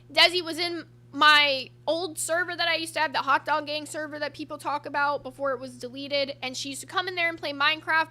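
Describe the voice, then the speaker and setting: High bright-voiced young woman ranting. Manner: rambling, swears often, defensive. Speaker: streamer. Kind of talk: casual livestream chat.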